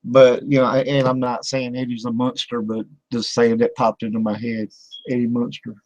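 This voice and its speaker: A man's voice: medium pitch, monotone, normal speed, a little mellow, no room sound, dull audio. An older man hosting a talk-radio interview in a folksy, rambling way, with lots of fillers and laughter. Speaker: radio show host.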